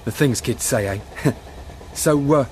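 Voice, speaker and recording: A man playing a weary train ticket inspector with a flat, dry delivery on board a train. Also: medium pitch, takes it slowly, a little hiss or hum, natural voice. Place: train carriage.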